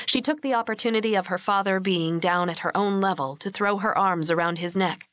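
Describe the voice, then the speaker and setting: A woman's voice: mid-range voice, fairly quick, hardly any pauses, fairly bright tone, dry recording, clean studio sound. Woman narrating an audiobook. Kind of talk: scripted narration.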